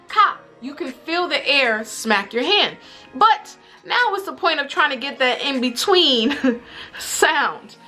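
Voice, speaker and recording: A young woman in her twenties talking casually to camera in a vlog, animated and exasperated, joking as she goes. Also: sits high. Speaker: vlogger. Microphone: camera mic. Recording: faint music underneath.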